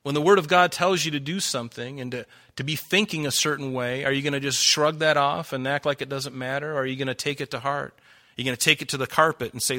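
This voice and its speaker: This adult pastor moves quickly through his sermon, reading scripture and challenging listeners with emphatic rhetorical questions. His medium-pitched voice is bright and forceful, with fairly even intonation.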